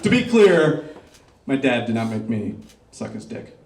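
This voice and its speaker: A man's voice: mid-range voice, a little slow, heavy background noise. Middle-aged man doing stand-up in a roomy club. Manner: crowd work, deadpan dark punchlines. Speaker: stand-up comedian. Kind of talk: stand-up comedy set. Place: comedy club stage before a laughing crowd. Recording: roomy club sound, mic picked up from a distance.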